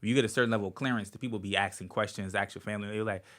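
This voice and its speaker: A comedian from Virginia telling an animated story as a podcast guest, acting out quotes as he goes. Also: on the low side, racing. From Virginia, USA. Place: podcast studio.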